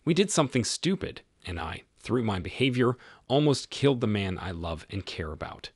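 A man's voice: on the low side, very animated, normal speed, breathy edge, dry recording. A man voicing a remorseful unfaithful wife who begs forgiveness, in a pleading tone.

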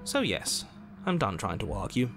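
A man voicing the narrator and inner voices of a horror game, telling the scene in measured tones and slipping into anxious, bickering asides. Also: fairly low pitch, wildly swooping pitch, fairly bright tone, soft background music. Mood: uneasy, exasperated. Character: calm, wry male narrator of a horror game.

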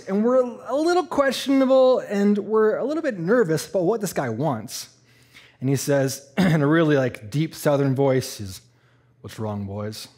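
A man from Eastern Canada telling a personal story in a sermon, animated and laughing, acting out the voices. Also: high-pitched. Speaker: church speaker.

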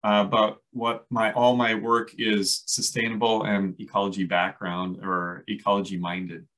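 A man's voice: on the low side, little pitch movement, a bit bright, rough recording. Chatty man with a Minnesota accent. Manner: chatty, halting, many fillers and restarts. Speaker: landscape ecologist teaching a class. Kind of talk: casual lecture on native plants.

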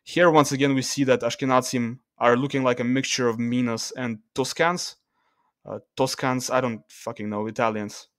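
A man talking through charts in a casual screen-share video, loose and halting, with restarts and fillers as he reads the numbers. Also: medium pitch, fairly even intonation, dry recording, clean studio sound. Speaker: video creator.

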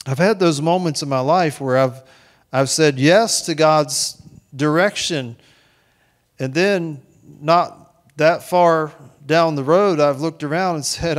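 A man delivering a church sermon with a voice pitched a little higher than most men. He preaches earnestly in a conversational way, repeating words and restarting phrases, and speaks reassuring lines as if in God's voice. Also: slow pace. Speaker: pastor.

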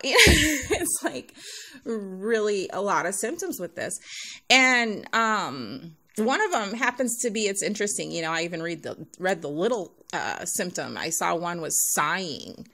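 Breathless, sighing woman with gravelly voice. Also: fairly high pitch, sharp tone. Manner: rambling, sighs often, laughs between points. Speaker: YouTube nail artist. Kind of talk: casual talk to camera.

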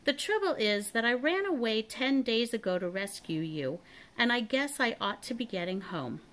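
An eager, brave little boy from a storybook, chirpy and keen, as a woman reads him aloud. He speaks a little higher and brighter than the storyteller. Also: big pitch swings, normal speed. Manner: bright and eager, lifted pitch.

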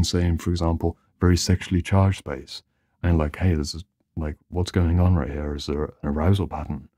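A man speaking as a therapist in a calm, unhurried, reflective solo talk. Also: low-pitched, no echo, clean studio sound. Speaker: therapist and host.

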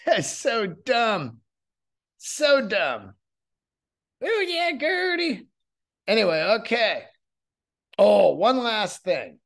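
Male comedian-host, solo podcast monologue, loose and profane, slightly high pitch. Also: big pitch swings, very slow, vocal fry, pauses often, fairly bright tone.

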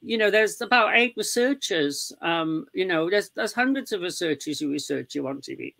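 A woman guest in an interview, talking in a rambling, halting way with many fillers. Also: fairly low pitch, expressive, vocal fry, fairly bright tone, no room sound. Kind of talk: casual chat.

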